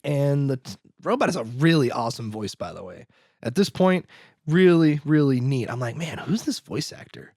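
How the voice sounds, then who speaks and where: A man's voice: medium pitch, sing-song, moderate pace, a little mellow, dry recording, clean studio sound. A man hosting a podcast, recapping a film in rambling casual chat packed with "like" and acted-out quotes. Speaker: podcast host.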